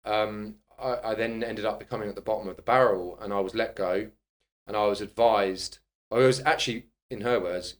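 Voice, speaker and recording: A middle-aged man talks in a fairly low voice. He tells candid, animated stories and swears bluntly, like a guest in casual conversation. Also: normal speed. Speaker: guest, personal trainer and author.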